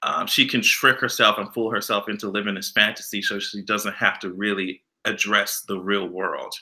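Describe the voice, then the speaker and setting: A man running a gossip vlog in a very bright, edgy voice. He talks bluntly and sassily, with plenty of swearing. His delivery is animated, and he often jumps up into a higher voice. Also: normal speed. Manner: blunt, profane, sassy and animated. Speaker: vlogger. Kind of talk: casual celebrity gossip commentary.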